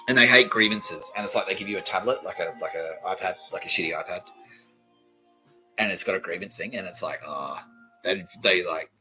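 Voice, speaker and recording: A man's voice: sits low, lively intonation, brisk, muffled recording, soft background music. A man hosting a podcast, telling a profane comic story in a ranting voice and laughing at his own jokes. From Australia. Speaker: podcast host.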